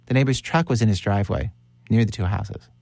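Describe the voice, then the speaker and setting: A man hosting a documentary audio show, narrating a story calmly and putting questions to his guests. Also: fairly low pitch, brisk, creaky, no room sound, clean studio sound. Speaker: host and interviewer.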